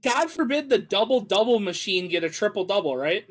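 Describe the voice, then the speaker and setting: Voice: medium pitch, expressive, a little fast, poor audio. A podcast co-host running a sports guessing game from home, teasing and drawn out in reactions. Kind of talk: casual chat.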